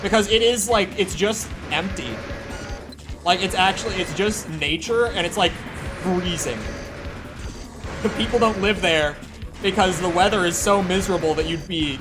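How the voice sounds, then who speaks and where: A man with a Minnesotan accent and a slightly high voice chats loosely while streaming a game. He rambles and fills gaps with "like" and "um" as he goes. Soft music plays behind him. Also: moderate pace. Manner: rambling, filler-heavy, with frequent "like". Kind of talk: casual chat while playing.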